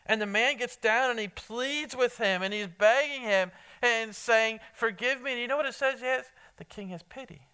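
A man's voice: very high voice, moderate pace, few pauses, bright, forceful tone, clean tone. A man preaching an evening sermon in a conversational, emphatic way, quizzing his congregation. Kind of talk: evening sermon with Bible reading.

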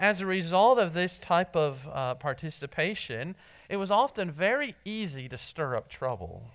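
A man preaching a sermon in church, earnest, often restarting his words and swinging between loud emphasis and soft asides. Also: on the high side, smooth. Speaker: pastor.

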